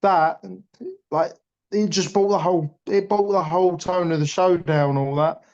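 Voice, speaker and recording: A man's voice: high voice, steady tone, normal speed, darkish tone. Blunt, passionate man, lo-fi sound. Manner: blunt, passionate, swears freely. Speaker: boxing pundit. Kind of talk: casual podcast chat. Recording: dull lo-fi audio.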